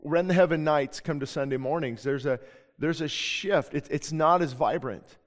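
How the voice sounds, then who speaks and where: A man preaches from the pulpit in an earnest, emphatic way, his voice sitting a little high. He often stumbles and restarts his sentences mid-thought. The sound carries a long reverb from the church hall. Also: normal speed. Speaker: pastor. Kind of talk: sermon. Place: church sanctuary.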